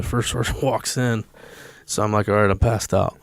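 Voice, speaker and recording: A man's voice: lowish voice, steady tone, normal speed, vocal fry, dry recording. A man from the United States, a podcast guest, telling a personal story in a candid, profane and emotional way.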